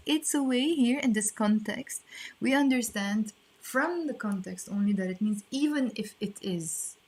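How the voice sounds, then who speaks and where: A woman teaching an online lesson, explaining patiently and repeating phrases slowly. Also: on the high side, slightly rough. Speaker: language teacher.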